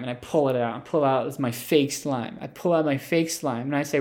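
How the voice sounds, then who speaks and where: A man's voice: mid-range voice, quick pace, creaky, hardly any pauses. Rambling man spinning an absurd tale. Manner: rambling, absurd, deadpan, full of fillers and asides. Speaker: comedic storyteller. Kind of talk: improvised comic monologue.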